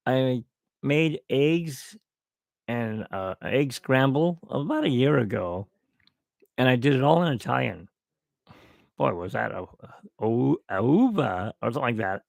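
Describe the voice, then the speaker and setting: A man's voice: medium pitch, vocal fry, no room sound, clean studio sound. A man hosting his own channel, chatting casually and rambling in a joking, self-mocking way. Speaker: YouTube channel host. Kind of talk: casual live stream chat. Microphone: desk microphone.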